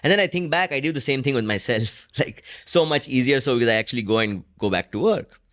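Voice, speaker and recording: A man's voice: medium pitch, animated, quick pace, a bit bright. A man hosting a solo podcast, talking through his thoughts in a reflective, rambling way, often restarting sentences and tagging them with "right?". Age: adult with a wife and a job in an office. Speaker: podcast host.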